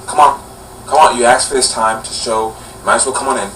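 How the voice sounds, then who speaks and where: A man's voice: medium pitch, brisk, sharp tone. A man in his twenties hosting a casual vlog, chatty and rambling with many fillers. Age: 20s. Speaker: vlogger host. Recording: distant camera mic with faint hum.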